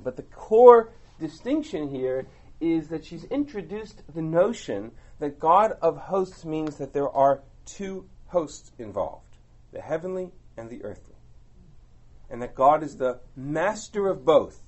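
Animated man teaching a text class. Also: on the high side, measured pace. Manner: animated, explanatory, rhetorical asides.

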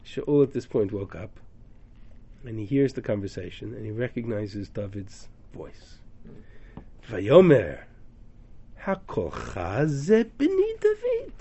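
A man's voice: fairly low pitch, unhurried, long pauses, mellow, breathy edge. A man teaching a text study class, reading Hebrew verses aloud and translating them dramatically. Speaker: Torah teacher. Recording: dull lo-fi class recording.

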